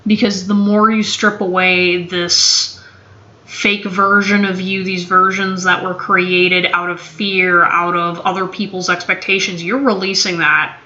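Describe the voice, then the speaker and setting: A woman's voice: fairly low pitch, flat delivery, measured pace, sharp tone. A woman giving a casual tarot reading to camera, blunt and swearing freely, with a playful drawl. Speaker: tarot reader. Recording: dull, echoey room recording.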